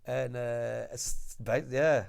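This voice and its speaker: A man, a podcast guest, telling lively, swear-laced stories with frequent laughs. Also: mid-range voice, slow pace, creaky. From Ukraine. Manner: animated storyteller, swears, laughs often. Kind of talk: casual podcast chat.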